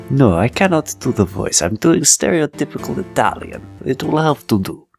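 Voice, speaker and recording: A man's voice: medium pitch, big pitch swings, normal speed, vocal fry, few pauses, darkish tone, soft background music. A man giving casual, rambling game commentary with self-deprecating asides. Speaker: let's play host.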